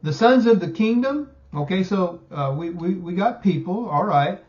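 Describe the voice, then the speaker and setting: A man teaching a Bible study lesson, emphatic and slowing down to stress key words. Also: high voice, animated, a little mellow, lo-fi sound.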